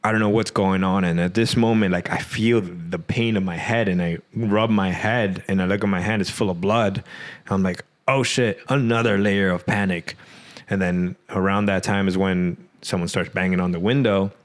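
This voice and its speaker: A man's voice: low voice, fairly even intonation, moderate pace. A man, a podcast guest, casually retelling a personal story with many fillers. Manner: rambling, many "like" fillers, acts out quotes.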